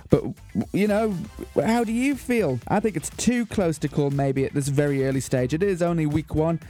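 A man's voice: on the high side, dark tone. A man hosting a community radio show with playful, mock-theatrical patter. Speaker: radio host.

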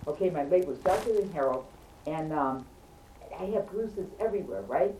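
Animated woman telling a story, far from the mic. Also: low-pitched, normal speed. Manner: animated, emphatic, keeps checking in with listeners. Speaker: storyteller among friends. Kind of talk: casual anecdote. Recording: roomy, distant, faint background hum.

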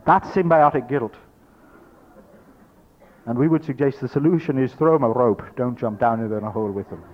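A man's voice: medium pitch, moderate pace, muffled recording. A man teaching a spiritual workshop, speaking as "we", emphatic and repetitive, acting out his listeners' thoughts. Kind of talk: workshop lecture to an audience.

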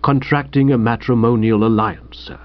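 A man voicing a calm, formal and deferential male valet who speaks in measured sentences. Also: mid-range voice, dry recording, lightly acted. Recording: dull dry recording.

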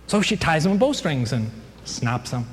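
A man's voice: fairly high pitch, sing-song, normal speed. A man teaching a casual Bible class, telling the story with jokes, sound effects and many fillers. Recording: hall reverb, faint background noise.

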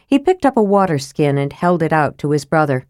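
A woman with a low voice reads an audiobook at a steady pace. The recording is dry and close-miked. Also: fairly quick, no room sound. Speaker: narrator. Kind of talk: audiobook narration.

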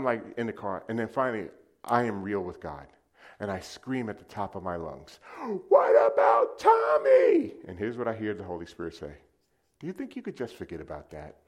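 A middle-aged man preaching a sermon, telling a personal story and swinging from loud calls to the crowd to hushed, quiet lines. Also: sits low.

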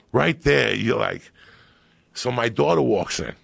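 A man with a deep gravelly rasp tells a story full of swearing, slipping into the voices of movie characters. His voice sits low with a husky edge. The sound is dry and close. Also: unhurried, dry recording. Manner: animated, swearing, acts out movie quotes. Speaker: podcast guest. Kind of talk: profane storytelling.

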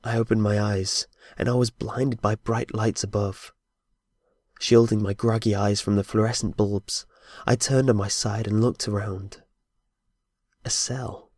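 A man's voice: on the low side, fairly even intonation, unhurried, a little mellow, dry recording. A man narrating a horror story in a dramatic, scripted way. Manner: dramatic storytelling with voiced dialogue.

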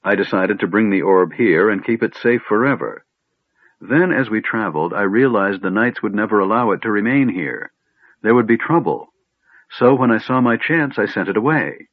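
A man's voice: animated, normal speed, husky, dry recording. A man voicing a sorrowful silver dragon maiden. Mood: grave, sorrowful. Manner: low, passionate, grave. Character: sorrowful female silver dragon in elf form. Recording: tinny phone-like band, dry.

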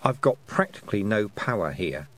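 A man voicing a brisk, sharp-tongued woman who is a witch and a teacher, lecturing precisely in an audiobook. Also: fairly low pitch, sing-song. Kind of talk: audiobook character voice.

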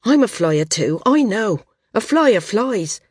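A woman's voice: mid-range voice, big pitch swings, slow pace, breathy edge, no room sound, clean studio sound, pitched above the performer's own voice, full character voice. A woman reading the lines of a blunt, experienced male flyer in an audiobook, earnest and plain-spoken.

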